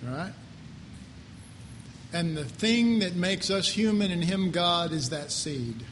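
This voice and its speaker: Brief: high-voiced male preacher, casual joking sermon, faint hum behind. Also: slow, a bit bright. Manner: conversational, joking, rhetorical questions. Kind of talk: informal sermon to a live congregation.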